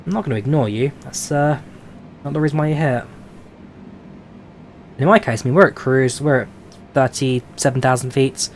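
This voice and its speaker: A man with a London accent, a flight sim streamer from London, England, chats casually on a live stream as he flies a simulator. He reads viewer questions aloud and answers with many filler "uh"s, speaking at medium pitch and a moderate pace with frequent pauses over a little hiss or hum.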